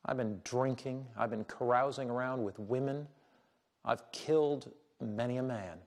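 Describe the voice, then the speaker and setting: A man voicing a crusty, gruff old male ex-Marine who is remorseful and pleading for help. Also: medium pitch, a little slow, natural voice. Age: older.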